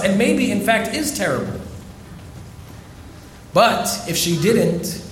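A man, a rabbi, giving a storytelling sermon, delivered with dramatic pauses. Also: a little high, echoey room, a little hiss or hum.

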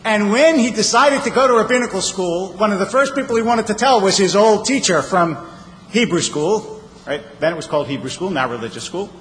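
A man's voice: sits high, animated, fairly quick, fairly bright tone, slight background noise. A man giving a sermon as a rabbi, telling stories with wry humor. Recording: reverberant hall, faint ambience.

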